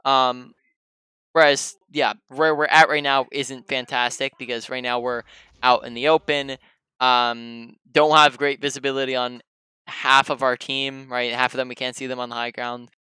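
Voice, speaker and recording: A man's voice: mid-range voice, flat delivery, normal speed, pushed and bright, clean tone, no echo. A man coaching a player through a gameplay review, explaining at length with frequent ums and restarted sentences. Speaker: game coach.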